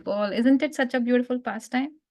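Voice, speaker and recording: A woman's voice: on the high side, fairly quick, a little mellow. A woman guiding a devotional reading group, chatting casually and with enthusiasm. She sounds a little away from the mic. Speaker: group leader.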